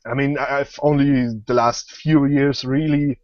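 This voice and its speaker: In an easygoing online interview, the guest author, a young German-speaking man, talks unhurriedly at medium pitch with fairly even intonation. There's no echo, though the video call sound is dull, and his hesitant speech is full of fillers and false starts.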